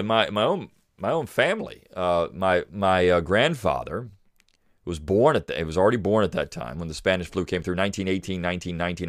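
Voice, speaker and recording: A middle-aged man talks through his solo podcast in a deep voice. He rambles, restarts sentences and leans on fillers. The recording is dry and close, with no room sound. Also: dry recording. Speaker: podcast host. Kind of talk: casual solo commentary.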